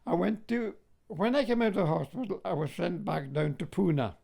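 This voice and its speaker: A Scottish veteran in his later years looks back on his experiences during an interview. His voice is high and creaky, a little mellow, at a moderate pace, and he chuckles while repeatedly adding "like, you know."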